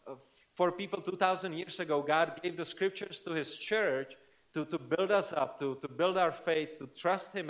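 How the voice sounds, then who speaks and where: A male preacher delivering a sermon in an earnest, conversational style. His voice sits a little high for a man. He often checks in with the listeners with quick tag questions. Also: fairly bright tone.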